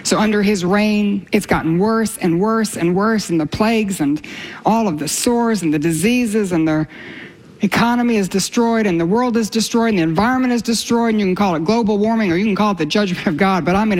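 Woman Bible teacher, sermon delivery, impassioned, swings from lifted scripture reading to hushed whispers. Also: brisk. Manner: impassioned, rising pitch when reading scripture, drops to soft whispers for emphasis.

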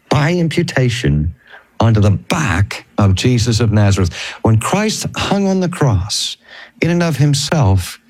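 Male preacher-teacher, animated storyteller, wide-ranging voice, dry close sound. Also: medium pitch, dry recording. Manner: emphatic, animated storytelling with slowed, stressed phrases. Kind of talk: storytelling sermon.

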